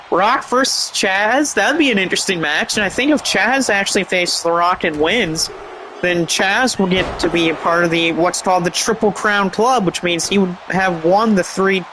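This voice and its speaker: A man giving excited, rambling play-by-play commentary over a wrestling game, with chatty asides. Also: high voice, a little hiss or hum, rough recording.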